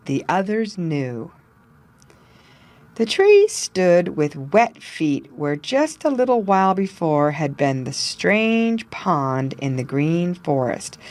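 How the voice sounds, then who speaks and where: A woman reading a children's animal story aloud in clear, measured narration. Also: on the low side.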